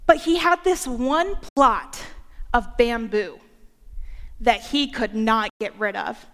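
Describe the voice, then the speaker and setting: High-voiced young woman preaching in a reverberant hall. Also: slow, fairly bright tone. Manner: playful, joking asides. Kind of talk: sermon.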